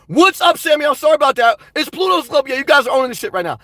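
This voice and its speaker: A man's voice: very high voice, sing-song, racing, fairly bright tone, no echo. A man hosting a live stream, rambling and joking crudely as he reads out viewers' comments and laughs often. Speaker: livestream host.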